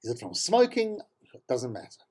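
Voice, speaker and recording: This South African talk show host runs an opinionated monologue of political commentary, his tone exasperated and dripping with sarcasm as he repeats points for emphasis. His pitch leaps around, from muttered lows to incredulous high notes. He talks at a normal speed with a breathy edge.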